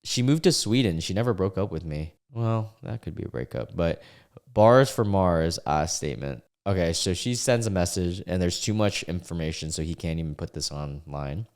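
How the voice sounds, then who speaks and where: A man's voice: low voice, lively intonation, normal speed. Young man reacting to posts in disbelief. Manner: incredulous, reads posts aloud and reacts. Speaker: YouTuber reading and reacting to posts. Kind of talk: casual reaction commentary.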